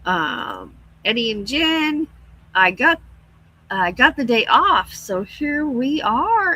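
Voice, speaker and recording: A woman's voice: a little high, sing-song, slow pace, sharp tone, rough recording. A middle-aged woman chatting casually on her livestream, laughing often and reading out viewer comments. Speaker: livestream host. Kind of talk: casual live-stream chat.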